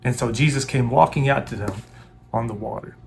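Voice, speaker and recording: Pastor, male, gravelly mid-pitched voice; earnest sermon and prayer, pleading, repetitive. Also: brisk.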